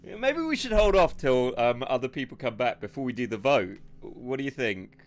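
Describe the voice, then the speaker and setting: A man's voice: medium pitch, big pitch swings, moderate pace, faint music behind. A man giving sarcastic, sweary commentary while streaming a video game live.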